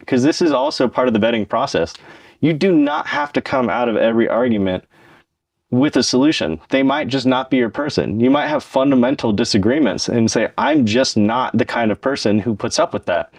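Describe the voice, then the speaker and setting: A man's voice: mid-range voice, gravelly, no echo. A man co-hosting a podcast, talking casually and earnestly about relationships, explaining his points at length and acting out the lines people say to each other. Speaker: podcast co-host. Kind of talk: casual relationship-advice chat.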